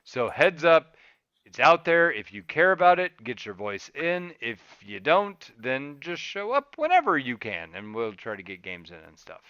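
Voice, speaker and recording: A bright, crisp male podcast host on a dry close mic. He rambles through announcements in a loose, easygoing way, with a slightly higher voice than most men. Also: sing-song, moderate pace, no echo, dull audio. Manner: rambling, laid-back. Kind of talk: casual chat.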